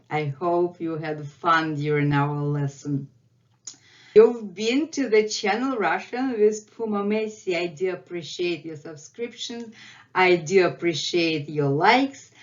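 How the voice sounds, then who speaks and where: A woman teaching a Russian lesson, drilling each sound by slow repetition. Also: lowish voice, dull audio. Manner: drills sounds by repeating them slowly. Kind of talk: slow, careful language lesson.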